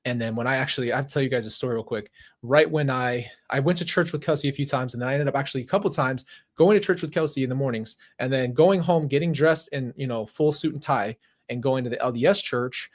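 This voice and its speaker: A young man speaks straight into a handheld mic, sharing a personal story in a casual, conversational way. His voice sits at an ordinary, middle pitch. He is emphatic, often restarts his sentences, and leans on the filler "like". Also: fast. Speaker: host.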